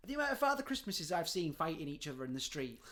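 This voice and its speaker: Animated man storyteller. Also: fairly high pitch, fast talker. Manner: animated storytelling, swears freely, laughs often, drops to a hushed tone. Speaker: podcast host. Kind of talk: casual comedic chat.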